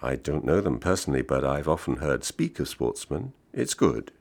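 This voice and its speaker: Man doing an old Swiss porter, courteous and formal, deep and gravelly. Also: big pitch swings, normal speed, darkish tone, heavily acted. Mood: polite. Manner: courteous, formal, slightly foreign-sounding English. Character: old male Swiss hotel porter, polite.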